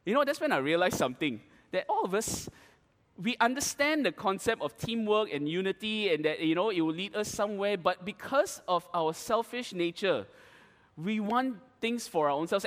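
A man preaching to an audience, telling an animated, dramatic story with playful asides. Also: high-pitched, long reverb tail. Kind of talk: storytelling sermon.

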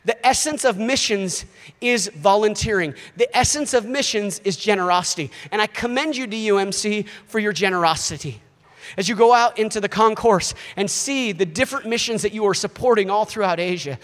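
A man in his thirties, a missionary preaching a sermon in an animated way, acting out voices. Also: high voice, fairly quick, big-room sound. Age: 30s. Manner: animated, acts out quoted voices.

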